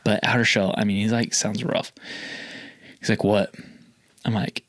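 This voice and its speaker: Lively storytelling man, dry close sound. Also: normal speed, no echo. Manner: animated storyteller, acts out phone calls with pitch jumps. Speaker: guest telling a sales story. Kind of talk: casual chat.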